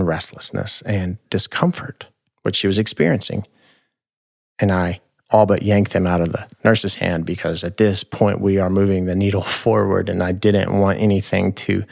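A man in his thirties, a podcast host, telling a personal story in a measured, reflective, tender way. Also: low voice, vocal fry. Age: 30s.

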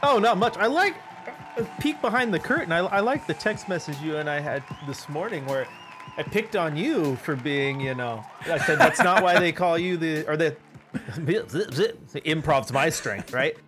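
A man's voice: on the high side, expressive, normal speed, over music. A man co-hosting a casual podcast who teases his friend and chuckles as he talks. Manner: teasing, chuckling, playful. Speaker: podcast co-host.

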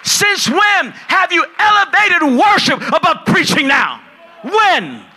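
A man preaching a sermon as pastor, loud and excitable, dropping from shouts to low asides and acting out the people in his stories. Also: slow, a faint crowd. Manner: acts out dialogue in his stories. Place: large church hall at a conference.

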